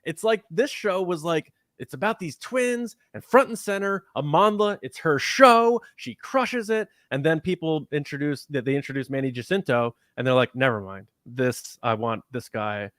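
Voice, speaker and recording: A man's voice: fairly high pitch, normal speed, hardly any pauses, dry recording, studio quality. A man co-hosting a podcast, talking in a casual, jokey way and acting out quoted reactions as he reviews a show. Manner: animated, jokey storytelling with quoted asides. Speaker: podcast host.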